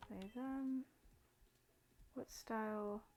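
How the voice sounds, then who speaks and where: A woman's voice: fairly high pitch, steady tone, drawn-out words, darkish tone, faint music behind. A young woman hosting a gaming channel, chatting casually over gameplay, rambling with many fillers and restarts.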